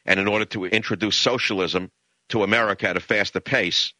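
An older man from the Bronx delivers an impassioned talk-radio monologue. His low voice has a hard, forceful edge, and the sound is dry and close with no room around it. He leans into emphatic, ranting stretches and jumps up high to mock. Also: steady tone, fairly quick, no room sound. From the Bronx, New York. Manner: emphatic, ranting, swings into high mocking outbursts.

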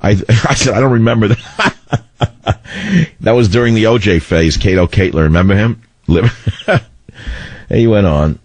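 A middle-aged man with a baritone voice, hosting a talk radio show in a combative, rambling way. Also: unhurried, long pauses, a little mellow, husky, dry recording. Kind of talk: opinionated talk radio monologue. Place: radio studio. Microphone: studio microphone.

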